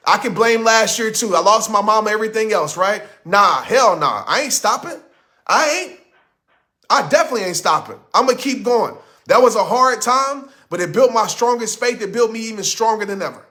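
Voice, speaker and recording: A man's voice: high voice, pushed and bright. A man giving a blunt, impassioned motivational talk. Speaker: motivational speaker.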